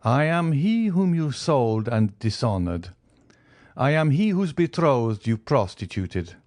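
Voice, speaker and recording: A man voicing a stern male count, speaking slowly, solemnly and deliberately. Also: mid-range voice, sing-song, a little mellow, dry recording, pitched above the performer's own voice. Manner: slow, solemn and measured.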